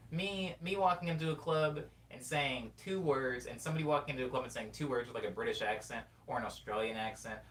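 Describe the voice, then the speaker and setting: Streamer, man in his 20s, casual and rambling, reading chat aloud; a bit off-mic with a faint rumble. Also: fairly bright tone, recorded from a distance. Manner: rambling and reflective, reads chat messages aloud. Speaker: livestream host.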